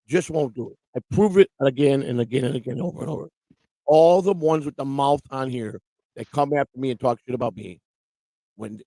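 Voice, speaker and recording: A man with a gravelly, rough-edged voice rants through a casual morning livestream. He rambles, swears freely and mocks people by quoting them. The sound is dry and close, with no room around it. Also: medium pitch, darkish tone, no room sound. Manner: profane, rambling, quotes people mockingly. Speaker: livestream show host. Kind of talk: casual ranting chat. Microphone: livestream microphone.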